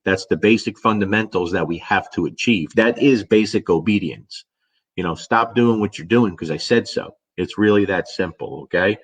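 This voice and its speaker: Lowish-voiced man telling a dog story. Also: normal speed, husky. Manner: animated storyteller, swears casually, acts out his own reactions. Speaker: dog trainer answering viewer questions. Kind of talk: casual storytelling Q&A.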